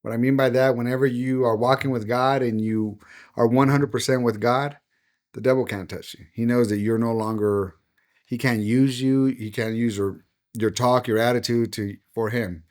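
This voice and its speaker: A man's voice: medium pitch, steady tone, normal speed, darkish tone. A man, a pastor, talking in a casual podcast conversation in an earnest, preacherly way. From United States. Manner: earnest, preacherly, acts out quoted voices. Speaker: pastor and guest.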